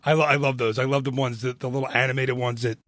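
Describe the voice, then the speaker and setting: A man co-hosting a podcast, chatting casually and telling a lively story with frequent restarts. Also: medium pitch, fast talker, no room sound. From northern United States. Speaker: podcast co-host. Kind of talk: casual chat.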